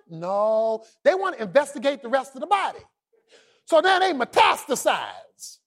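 A male pastor preaching with a strikingly high voice that leaps and dips all over the place. He punches key words with shouts, then drops to a low, quiet murmur. Now and then he has the congregation repeat a line after him. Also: huge pitch swings, moderate pace. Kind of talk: sermon.

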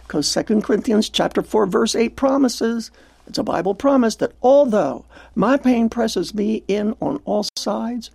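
An older woman with a husky, gravelly voice hosts a devotional radio program. Her tone is mellow and dark, earnest and reflective. The studio sound is dry and close. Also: a little high, lively intonation, a little slow, no room sound. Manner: earnest, reflective, quotes scripture.

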